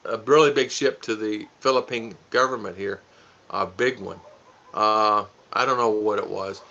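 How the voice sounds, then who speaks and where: A man's voice: fairly low pitch, moderate pace, bright, forceful tone. A man co-hosting a casual live stream, joking with his wife and greeting viewers by name. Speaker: vlog co-host. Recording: dull lo-fi sound.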